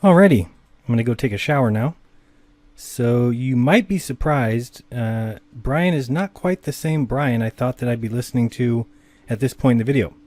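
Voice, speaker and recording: A man's voice: medium pitch, moderate pace, darkish tone. A man giving dry, wry voice-over commentary between clips. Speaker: channel host commenting on a clip.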